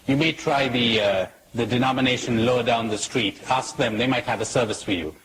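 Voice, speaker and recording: A man's voice: mid-range voice, a little fast, noisy background, lightly acted. A man voicing an indignant priest in a joke he tells. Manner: outraged, then suddenly eager.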